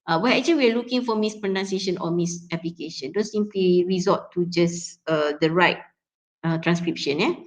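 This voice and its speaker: A woman's voice: lowish voice, fairly quick, low-quality recording. Malaysian woman giving a lecture. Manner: mixes English with Malay, many fillers. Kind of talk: recorded tutorial lecture.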